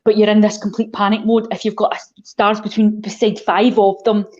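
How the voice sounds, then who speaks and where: A woman's voice: mid-range voice, little pitch movement, brisk, darkish tone, muffled recording. A Scottish woman who coaches people on mental health, talking reflectively in a casual podcast chat.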